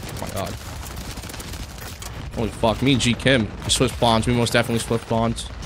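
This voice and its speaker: A young man streaming a shooter game, commenting live with profane, excitable and frustrated outbursts. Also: mid-range voice, moderate pace, noisy background. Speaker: gaming streamer.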